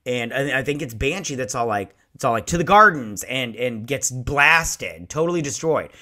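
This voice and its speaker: A man in his forties hosting a casual episode review, excitable and rambling, with a lot of swearing. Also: mid-range voice, normal speed. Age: 40s. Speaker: show host.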